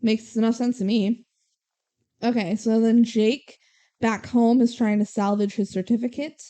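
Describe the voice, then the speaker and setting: A young adult woman co-hosting a podcast, retelling a movie plot in animated casual chat with swearing and acted-out quotes. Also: a little high, unhurried. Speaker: podcast co-host.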